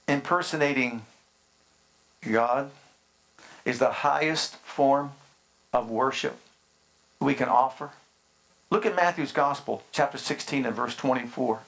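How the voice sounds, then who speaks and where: A middle-aged man preaching a sermon, with slow, emphatic phrasing and rhetorical questions to the congregation. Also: medium pitch, creaky, fairly bright tone. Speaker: pastor.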